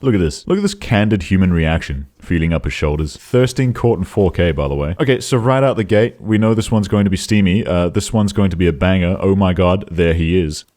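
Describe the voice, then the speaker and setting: A young man giving sarcastic comedic commentary on videos, breaking into high yelling outbursts. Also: expressive, a little fast, few pauses. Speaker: YouTube commentator.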